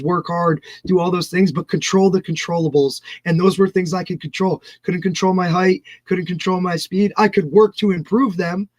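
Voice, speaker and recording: A man's voice: high voice, dry recording, rough recording. A man hosting a podcast, chatting casually and affirming his guest, often tagging on "right?". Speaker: podcast host. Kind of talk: casual interview chat.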